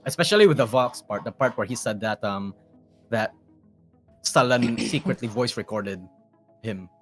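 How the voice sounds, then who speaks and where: A man's voice: medium pitch, normal speed, faint music behind. Rambling young man guest on call. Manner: rambling, repeats words, swears, trails off quietly. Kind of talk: casual chat.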